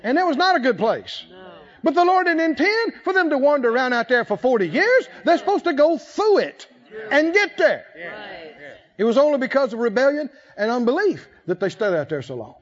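A man's voice: very high-pitched, big pitch swings, brisk. A man preaching a sermon with emphatic calls for the congregation to answer back. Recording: slightly muffled recording.

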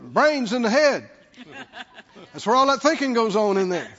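A man preaches as pastor in an extremely high, fairly bright voice that is very animated, keeping a moderate pace. He stresses words by repeating them and prompts the congregation to respond, while the dull, lo-fi recording carries a long hall reverb.

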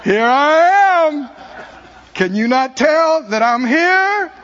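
A man's voice: extremely high pitch, lively intonation, slow, a bit bright, lo-fi sound, pitched above the performer's own voice, exaggerated voice. A man, a preacher, voicing God as an amused, patiently insistent spirit calling out to someone who cannot notice him. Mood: amused insistence. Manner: teasing, exasperated calling out.

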